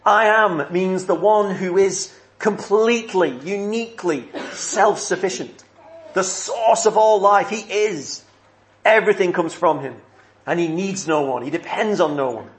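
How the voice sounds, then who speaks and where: A man preaching a sermon in an earnest, measured way, leaning on emphatic repeated phrases. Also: high-pitched.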